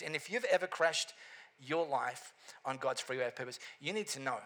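Bright-voiced man preaching a lively sermon. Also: medium pitch, moderate pace. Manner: animated storytelling, repeated catchphrases, playful asides. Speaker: pastor.

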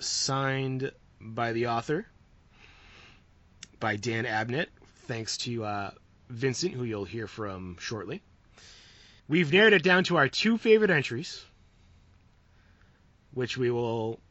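A man's voice: mid-range voice, no echo. Male podcast host, easygoing and chatty, dry close sound, a bit muffled. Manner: laughs often, relaxed and rambling. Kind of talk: casual podcast chat. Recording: dull lo-fi sound.

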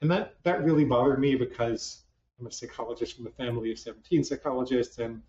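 A male psychologist gives a conversational talk to a live audience in a hall, full of self-deprecating humor and restarts. His mid-range voice is quick and darkish, and the recording sounds roomy, distant, dull and lo-fi.

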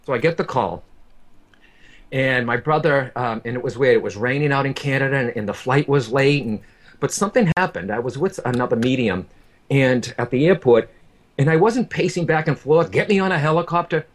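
A man's voice: medium pitch, expressive, normal speed. A man who works as a medium, telling an emotional personal story in an earnest way, often repeating himself and speaking straight to the listener. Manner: earnest, repeats words, addresses the listener directly.

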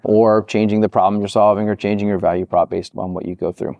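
A man giving an interview on product work, talking animatedly and acting out the people he quotes in quick voices. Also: lowish voice, no echo. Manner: animated, acts out quoted reactions. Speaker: product management guest. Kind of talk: interview answers.

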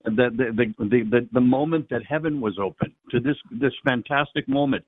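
A man, a priest, reflecting on the Mass in a halting way, often repeating words as he searches for them. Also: medium pitch, no echo. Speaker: priest guest. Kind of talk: reflective conversation on faith. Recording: dry tinny phone-like line.

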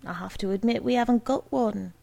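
A woman's voice: on the high side, a little fast, creaky, dark tone. A woman doing a pushy, status-hungry young girl. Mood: coaxing.

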